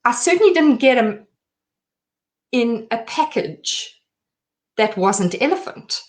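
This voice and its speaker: A middle-aged woman speaking as an interview guest, telling a personal story in an emotional, halting way with many restarts. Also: fairly high pitch, very animated.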